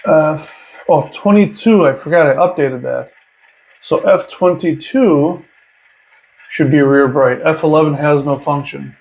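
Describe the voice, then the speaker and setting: A man's voice: fairly high pitch, measured pace, vocal fry, darkish tone, poor audio. A man hosting a casual hands-on hobby tutorial, chatty and enthusiastic, thinking aloud as he works. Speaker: model train hobbyist host.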